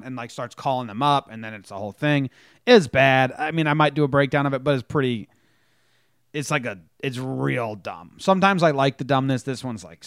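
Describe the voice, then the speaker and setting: Man, smooth clear voice, dry close sound, lively sports podcast storyteller. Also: medium pitch, no room sound. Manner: animated storytelling, acts out quotes. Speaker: podcast co-host. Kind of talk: casual sports chat.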